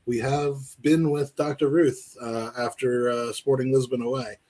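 On a relaxed football podcast, a male co-host speaks in a jokey, meandering way at an unhurried pace. His mid-pitched voice is a little mellow with fairly even intonation, and he keeps addressing people in the live chat.

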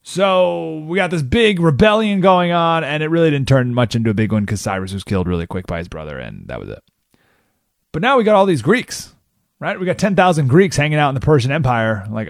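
A male radio host tells a history story in a loose, conversational way, and his pitch climbs and drops a lot as he acts out quotes. His voice sits a little high for a man, and the sound is close and dry with no room echo. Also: moderate pace, gravelly. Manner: casual, animated storytelling, acting out quotes in voices. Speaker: radio talk show host. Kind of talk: radio monologue retelling history.

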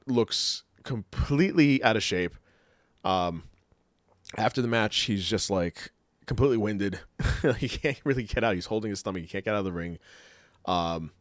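A man with a low voice talks casually as a podcast co-host. He rambles, laughs often, and leans on fillers. The sound is dry and close, with no room echo. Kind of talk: casual chat.

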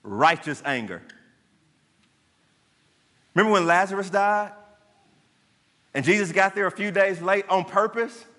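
A male pastor preaching a sermon in an animated way, often asking his listeners rhetorical questions. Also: high-pitched, a little slow, long pauses. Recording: long hall reverb.

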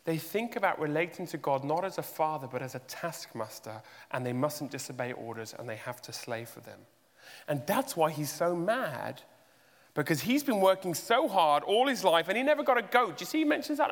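A man's voice: fairly high pitch, expressive, a little fast. Man preaching in a reverberant hall. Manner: rhetorical questions, emphatic rises. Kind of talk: sermon.

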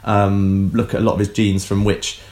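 A man's voice: fairly low pitch, moderate pace. A man co-hosting a casual science podcast, explaining things loosely with jokes and many ums. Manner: relaxed, joking, many ums and restarts.

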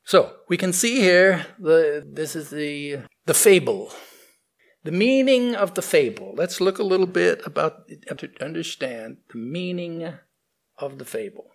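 A man telling a fable and then explaining its spiritual meaning, thoughtful with frequent pauses. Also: on the high side, expressive, creaky. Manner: slow, thoughtful, with fillers and restarts. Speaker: spiritual teacher.

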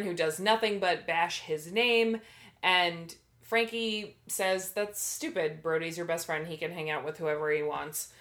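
A woman with a somewhat low-pitched voice talks through a TV episode with a friend. Her delivery is dry and blunt, with sarcastic asides in easy casual chat. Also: fairly bright tone. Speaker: podcast co-host.

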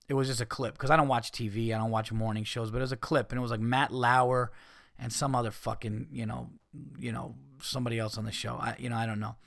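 Gravelly man ranting, swearing freely. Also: a bit bright, no room sound, clean studio sound. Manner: profane, ranting, mimics people in high voices. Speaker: podcast host. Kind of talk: casual rant.

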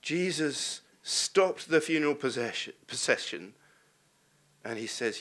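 A man's voice: mid-range voice, expressive, measured pace, fairly bright tone. A man preaching a sermon, earnest and posing rhetorical questions to the congregation.

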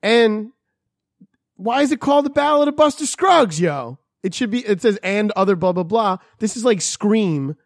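Ranting man with a higher voice. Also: animated, moderate pace, no room sound, studio quality. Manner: profane, ranting, acts out quotes. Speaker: podcast co-host. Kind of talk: casual chat.

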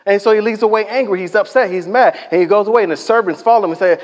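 A man preaching in a church, his fairly high voice carried by a long hall echo. He tells stories in a loose, conversational way and acts out the people he quotes. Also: very fast, hardly any pauses. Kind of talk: sermon. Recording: echoey hall reverb.

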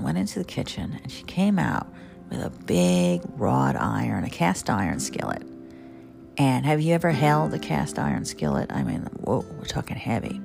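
A woman's voice: deep voice, gravelly. A middle-aged woman telling family stories in a conversational, humorous way with asides to listeners, guitar music behind her. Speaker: storyteller. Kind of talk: storytelling on a radio podcast.

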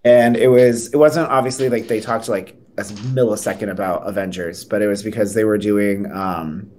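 Rambling young man, low voice. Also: moderate pace, a little mellow. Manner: rambling, lots of fillers and restarts. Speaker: podcast co-host. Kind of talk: casual chat.

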